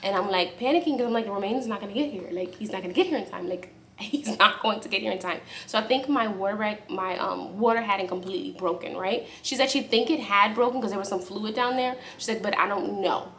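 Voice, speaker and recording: A woman's voice: medium pitch, quick pace, a little hiss or hum. Chatty young woman telling a vlog story. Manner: animated, acts out quotes in a raised voice; speaks softly aside to her baby. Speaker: vlogger. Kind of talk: casual storytelling to camera.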